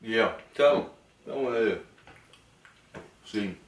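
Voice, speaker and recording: Casual male vlogger, playful, soft-spoken father at home; roomy, distant-mic sound. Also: fairly low pitch, measured pace. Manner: relaxed, playful, often softly spoken. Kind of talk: casual mukbang chat with his baby. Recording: echoey room, mic at a distance, faint noise.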